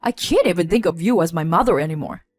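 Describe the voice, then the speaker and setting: A woman's voice: animated, soft background music. A woman doing a stern angry husband. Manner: lower, slow, stern. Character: angry young husband confronting his mother.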